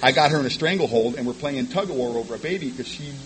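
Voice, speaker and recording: A man speaks to a meeting about his own recovery, his words tumbling out quickly and often doubling back on themselves. His tone is frank and self-mocking, pitched in an ordinary middle register. A faint hum sits under the voice. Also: low-quality recording. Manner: rapid, stumbling repetitions of words. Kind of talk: personal testimony to a meeting.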